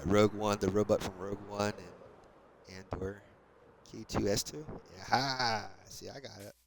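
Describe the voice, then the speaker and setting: A gravelly, fairly low-pitched man in his fifties speaks with a New Jersey accent. He chats loosely through his gameplay, chuckling and talking to viewers. Mouse and keyboard clicks clatter clearly under his voice. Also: slight background noise. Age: 50s. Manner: chatty, chuckling, talks to viewers and a helper while playing. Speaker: let's play host. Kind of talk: casual gameplay commentary.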